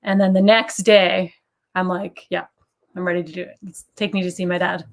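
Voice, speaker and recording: A woman's voice: on the low side, little pitch movement, moderate pace, gravelly. A woman in her thirties, a guest in an interview, telling a personal story in an earnest way. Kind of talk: casual interview talk.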